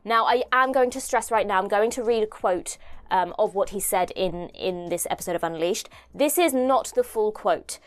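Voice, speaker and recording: A woman's voice: medium pitch, moderate pace. A young woman from the United Kingdom hosting a casual video commentary, chatty and self-deprecating, thinking aloud as she talks. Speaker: host.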